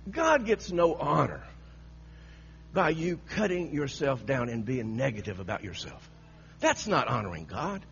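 A man's voice: medium pitch, very animated, a little slow, creaky, fairly bright tone. A man preaching a sermon, telling a story with frequent laughter and repeated phrases, on a dull lo-fi recording with a faint hum.

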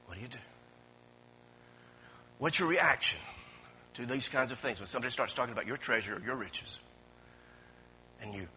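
A pastor preaching a sermon, swinging from quiet talk to shouting and repeating his words. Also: medium pitch, slight background noise. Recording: dull lo-fi recording.

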